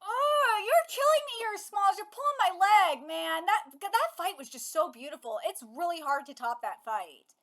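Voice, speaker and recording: Woman, 30s, reaction host; very high, sharp voice, gushing and excitable. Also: normal speed. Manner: excitable, swearing, shouting and gushing. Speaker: manga reaction youtuber. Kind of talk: live reaction commentary. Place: home setup with her cat.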